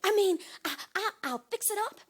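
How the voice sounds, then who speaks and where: A middle-aged woman performs a one-woman comedy show on a theater stage. Her very high voice swings widely as she tells sassy stories and slips into other people's voices. It is bright and lively. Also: normal speed. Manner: animated, sassy storytelling with mimicry.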